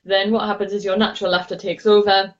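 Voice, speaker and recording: A woman's voice: medium pitch, little pitch movement, quick pace, lo-fi sound. A woman with a Northeast English accent, a laughter yoga teacher being interviewed, bubbly and laughing often as she explains. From Northeast England. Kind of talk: enthusiastic interview, teaching demo.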